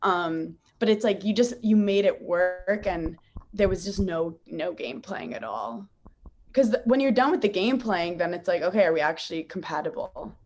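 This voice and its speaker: A young woman telling a lively personal story in casual chat, with many "like" fillers. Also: fairly low pitch, moderate pace.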